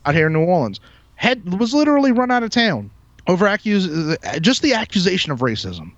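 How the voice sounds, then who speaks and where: A man's voice: high-pitched, big pitch swings, a little fast, dry recording. A man hosting a podcast who delivers a heated, profane, emphatic rant. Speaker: podcast host. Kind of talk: ranting podcast monologue. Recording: dull lo-fi, dry sound.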